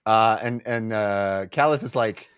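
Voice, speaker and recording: A man co-hosting a book club podcast, chatting casually in a slangy, animated way. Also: on the low side, a little slow, smooth, no room sound, studio quality. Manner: animated, slangy, acts out quotes. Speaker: podcast co-host.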